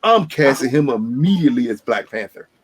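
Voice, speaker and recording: A man's voice: mid-range voice, expressive, fairly quick, slightly rough. Teasing, emphatic male podcast host. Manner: teasing, emphatic, repeats himself. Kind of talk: casual banter.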